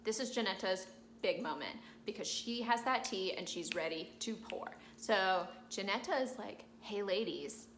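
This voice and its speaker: A young woman hosting a very casual, slangy summary of an opera, tossing in quick asides as the characters. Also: medium pitch, animated, a bit bright, echoey room, a little hiss or hum. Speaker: host.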